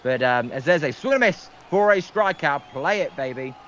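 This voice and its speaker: A man's voice: a little high, expressive, normal speed, a bit bright, lo-fi sound, slight background noise. A man calling baseball play-by-play on a livestream, hesitant and full of filler ums. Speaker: guest play-by-play commentator.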